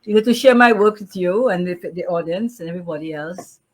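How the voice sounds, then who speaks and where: A woman poet chatting in an interview, then reciting her poem in a declamatory way with repeated refrains. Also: lowish voice. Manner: slow, lively, declamatory reading with repeated refrains. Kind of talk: casual interview and poetry recitation.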